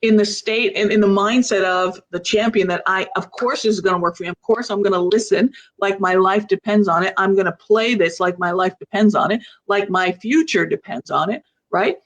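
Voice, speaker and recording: A woman's voice: medium pitch, normal speed, hardly any pauses. Upbeat woman hosting a coaching livestream. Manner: upbeat, laughs often, asks rhetorical questions. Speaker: host.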